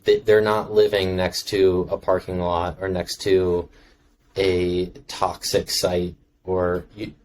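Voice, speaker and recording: Young adult male guest, very low monotone, laid-back musing chat, faint background noise. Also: takes it slowly, low-quality recording. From Maryland, United States. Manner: relaxed, reflective, many filler words. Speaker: podcast guest, filmmaker. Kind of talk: casual chat.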